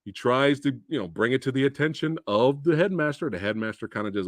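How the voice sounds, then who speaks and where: A man hosting a live stream, talking about a film in an animated, profane way with frequent laughs. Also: mid-range voice, a little fast, dry recording, clean studio sound. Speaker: movie reviewer and host. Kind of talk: casual live-stream movie talk.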